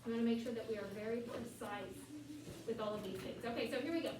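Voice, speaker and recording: A woman leads a choir class with a fairly high voice, walking students through their music and chanting lyrics slowly. She sounds far from the mic in an echoey classroom with steady background noise. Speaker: choir teacher.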